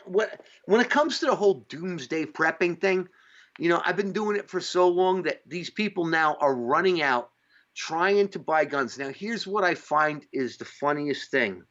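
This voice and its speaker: A podcast host from upstate New York rambles unhurriedly through a casual chat, with lots of fillers and the occasional swear word. His voice is a bit high and bright for a man, with lively intonation. The recording has a dull, lo-fi sound.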